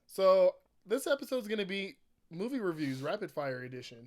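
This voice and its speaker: Young man, slightly high voice, joking. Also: big pitch swings, normal speed. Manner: playful, laughs often, addresses viewers directly. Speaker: podcast co-host. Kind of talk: casual chat.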